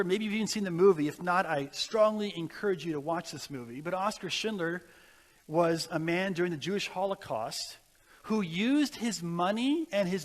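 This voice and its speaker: Guy preaching, earnest and urgent, kinda high voice, echoey church hall. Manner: earnest, exhorting, storytelling. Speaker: guest speaker. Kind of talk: sermon.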